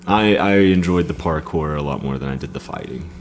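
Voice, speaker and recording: Very deep-voiced laid-back man. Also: brisk, slight background noise. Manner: laid-back, short agreeing replies. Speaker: podcast co-host. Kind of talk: casual game review chat.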